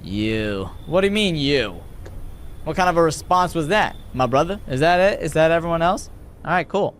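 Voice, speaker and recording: Excitable young man playing a game. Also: a little high, a little fast, a little hiss or hum. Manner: excitable, chatty, reads game text aloud. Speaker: gamer. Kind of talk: let's play commentary.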